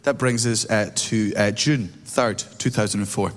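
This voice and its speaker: A man's voice: on the low side, fairly even intonation, normal speed. Swearing man telling a comedy story. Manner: swearing, laughing through the story, acting out voices. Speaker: stand-up comedian. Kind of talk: stand-up storytelling.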